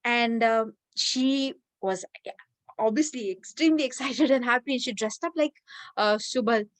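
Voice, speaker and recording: Animated woman telling a devotional story. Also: fairly high pitch, moderate pace, no room sound. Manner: animated storyteller, many fillers. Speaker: devotional speaker.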